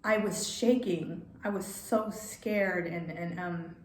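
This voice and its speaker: Woman vlogger, halting and hesitant speech, roomy echo, faint hiss behind. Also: fairly low pitch. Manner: halting, hesitant, many restarts. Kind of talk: personal storytelling vlog. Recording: echoey room, faint background noise.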